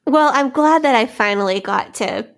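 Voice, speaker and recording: A young woman co-hosting a podcast, talking in a relaxed, informal way and laughing easily. Her voice sits fairly high for a woman. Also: normal speed, vocal fry. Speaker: podcast co-host. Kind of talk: casual chat.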